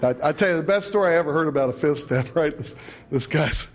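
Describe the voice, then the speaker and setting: A man's voice: on the high side, fast. A man telling his recovery story at a meeting in a chatty, humorous way, often adding "you know" and chuckling. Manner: chatty, fills with "you know" and "right", chuckles between lines.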